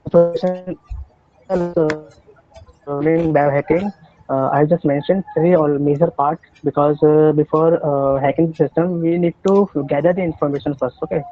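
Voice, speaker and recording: A man with an Indian English accent teaching an online cybersecurity class, halting and full of fillers and restarts. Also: on the high side, dull audio. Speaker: cybersecurity instructor. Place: online class by video call.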